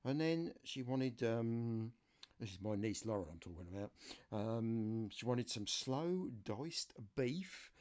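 A man's voice: medium pitch, animated, slow, a little mellow. A man hosting his own casual home radio show on a new condenser mic, chatty and jokey. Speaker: amateur radio show host. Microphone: new USB condenser mic.

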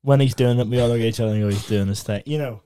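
A man's voice: mid-range voice, crowd noise. A man co-hosting a casual podcast, cutting in with teasing jokes. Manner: teasing, quick with jokes and interjections. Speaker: podcast co-host. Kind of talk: casual chat.

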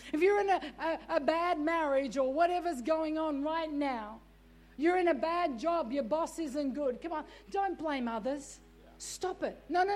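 High-voiced woman preaching a fiery sermon. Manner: exhorting, repeats "come on" and "stop it"; shouts at peaks.

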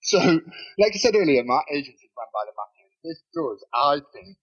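A man telling a wild story as a podcast guest, animated and swearing freely, laughing as he goes. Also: on the high side, a little fast, breathy edge, highs cut off. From Nottingham, England. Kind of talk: casual storytelling. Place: bedroom.

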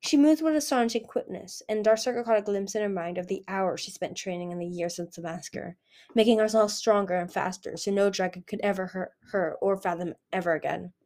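Female amateur audiobook narrator, steady read-aloud, self-corrects often. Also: medium pitch, a little fast. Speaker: audiobook reader.

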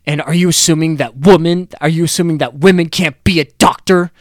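A man's voice: on the high side, steady tone, brisk, no room sound, studio quality, close to an everyday voice. A man voicing a smug, self-righteous cartoon boy cat in a condescending tone. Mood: indignant.

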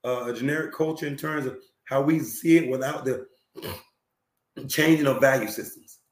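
A hoarse male talk show host with a lingering cough, speaking earnestly to viewers, repeating himself and using many fillers. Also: medium pitch, moderate pace, echoey room. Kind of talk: live-stream talk show, reading viewer comments.

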